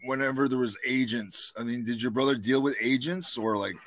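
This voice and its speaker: A man's voice: mid-range voice, fairly quick, fairly bright tone, rough recording. A man hosting a podcast interview, laid-back and chatty, answering with short affirmations and casual swearing. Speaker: podcast host.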